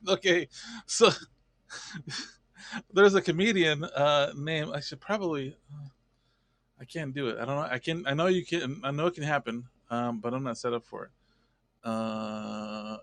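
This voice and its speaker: A man's voice: medium pitch, fairly bright tone, no room sound. A man hosting a casual live stream, rambling and chatty, greeting viewers by name.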